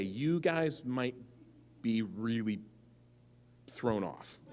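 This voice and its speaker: Animated, joking man on a convention stage. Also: medium pitch, slight background noise. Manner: jokey, animated storytelling with quoted voices. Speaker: author at a convention panel. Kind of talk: live stage talk and Q and A. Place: large convention room with audience. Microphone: handheld or stand mic.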